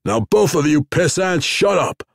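A male narrator voicing a belligerent army captain who shouts and blusters. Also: lowish voice, expressive, normal speed, dry recording, clean studio sound, lightly acted.

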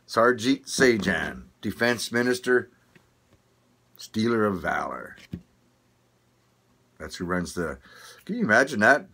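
A husky, pushed and bright lowish voice with vocal fry comes from an older Manitoba-accented vlogger who speaks slowly, very animatedly and with long pauses. His rambling opinion rant is full of swearing, frequent laughter and restarts.

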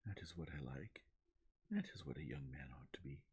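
A man in a soft-spoken ASMR reading, voicing a passionate romantic young woman with an eager, emphatic manner. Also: very deep voice, animated, normal speed, breathy edge, exaggerated voice. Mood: hushed.

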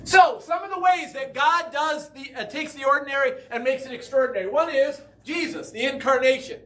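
A man's voice: very high voice, brisk, pushed and bright. A man preaching a conversational sermon as pastor in a church, often asking the congregation questions.

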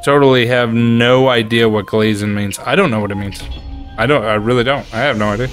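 Exasperated male gamer yelling at the game. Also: medium pitch, steady tone, brisk, faint music behind. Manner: reactive, easily frustrated, swears and yells at the game. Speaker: gaming streamer. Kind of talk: live gameplay commentary reading chat.

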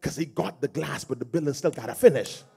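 A male pastor with a Bahamian accent preaching a sermon in church, swelling into shouted, sing-song cadences. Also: fairly high pitch, fairly quick, vocal fry, breathy edge.

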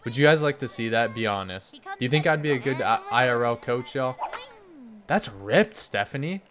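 A man's voice: medium pitch, lively intonation, moderate pace, crowd noise. Hyped gaming commentator guy. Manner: hyped, cheering players on by name. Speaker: gaming YouTuber. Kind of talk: excited game commentary.

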